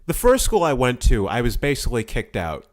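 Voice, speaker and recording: A young man from Florida chatting casually on a podcast, profane and quick to laugh in mock outrage. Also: mid-range voice, huge pitch swings. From Florida, USA. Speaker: podcast host.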